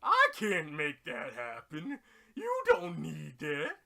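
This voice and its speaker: Man voicing a lazy wish dragon, dopey, whiny, loud, lively pitch. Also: takes it slowly, vocal fry, full character voice. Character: lazy, unhelpful wish-granting dragon, male.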